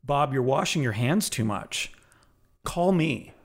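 A man co-hosting a podcast, talking in a relaxed, chatty way with lots of fillers. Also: medium pitch, slow. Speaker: podcast co-host. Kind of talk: casual chat.

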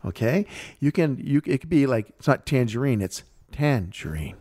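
A man's voice: medium pitch, lively intonation, a little fast, mellow. A man hosting a podcast, an improv performer chatting casually with a wry, joking manner. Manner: wry, joking, drifts into anecdotes. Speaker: podcast host. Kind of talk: casual chat.

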